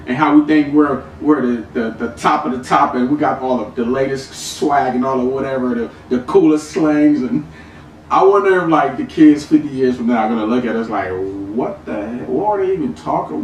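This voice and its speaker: A man's voice: mid-range voice, distant mic, slight background noise. A man hosting a casual football reaction video, chatty and laughing easily as he repeats clips and talks through matchups. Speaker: sports video host. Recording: echoey room, off-mic, music behind.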